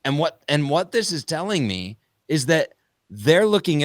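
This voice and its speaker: Animated American man, dry close sound. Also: fairly high pitch, measured pace, no room sound. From United States. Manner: animated, talks in long run-on thoughts. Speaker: podcast co-host. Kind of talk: conversational panel discussion.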